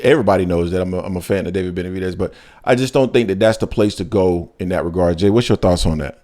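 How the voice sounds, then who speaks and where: A low, slightly mellow voice belongs to a sports talk show host who speaks quickly. He chats casually but hammers his points emphatically, with sudden sharp rises in his voice.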